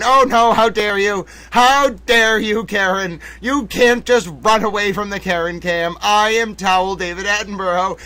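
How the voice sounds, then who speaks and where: A fairly high-voiced man hosts a live stream with playful, theatrical commentary. He slips into a mock nature-documentary narration and keeps calling out to his viewers in a showman's way. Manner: repeats "ladies and gentlemen" often. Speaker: livestream host.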